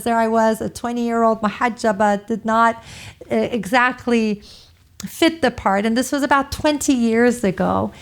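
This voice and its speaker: A woman in her forties speaks in a slightly high voice as a marriage therapist. Her delivery is earnest and steady, like a prepared talk on marriage. She moves into stories from her practice as she goes. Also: gravelly. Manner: earnest storytelling with acted quotes.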